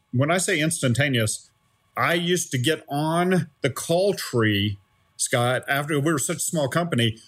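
A middle-aged man, a former startup CEO, tells a story in an animated, conversational interview and keeps checking in with "right?". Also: on the high side.

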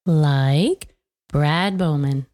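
A woman co-hosting a podcast, giggling often and talking at an unhurried pace in casual chat. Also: sits low, darkish tone. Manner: giggly, unhurried, reads out sponsor thanks. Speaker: podcast co-host.

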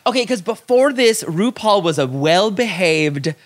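A man's voice: high voice, expressive, measured pace. A man co-hosting a podcast, chatting in a playful, gossipy way. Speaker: podcast co-host. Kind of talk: casual chat.

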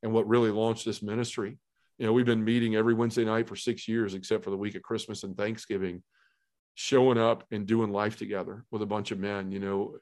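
Earnest low-voiced man telling his story. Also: little pitch movement, fairly quick. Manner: earnest storyteller, acts out quoted voices, drops to a hush for emotional moments. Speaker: podcast guest telling his testimony. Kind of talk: personal testimony in conversation.

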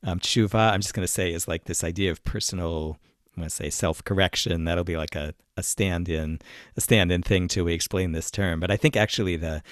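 Low-voiced man musing on a podcast. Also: brisk, no room sound, studio quality. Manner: thoughtful, rambling with many restarts and fillers. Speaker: podcast co-host. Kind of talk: casual podcast discussion.

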